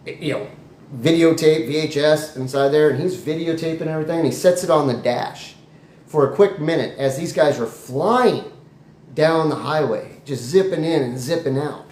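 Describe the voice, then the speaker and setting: A man improvising a comic story in a rambling, animated way with jokey asides. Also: fairly high pitch, moderate pace. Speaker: comedy storyteller. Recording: echoey room, faint noise.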